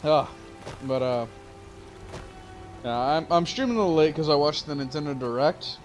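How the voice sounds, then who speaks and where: A man's voice: a little high, moderate pace, faint music behind. A tired young man streaming a game, rambling with lots of fillers and casual swearing. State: yawning, tired. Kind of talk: casual gameplay commentary.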